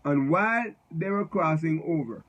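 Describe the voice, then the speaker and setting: A man giving unscripted Bible teaching, halting and repeating words as he spells out Hebrew letters. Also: fairly high pitch, lively intonation, fairly bright tone, highs cut off.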